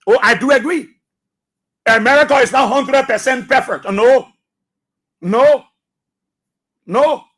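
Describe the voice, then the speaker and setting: Speaking slowly and pausing often, a man with an extremely high, fairly bright voice and a breathy edge hosts a radio talk show from the studio. He has a Liberian English accent, and his commentary monologue is emphatic, built on repetition and rhetorical questions.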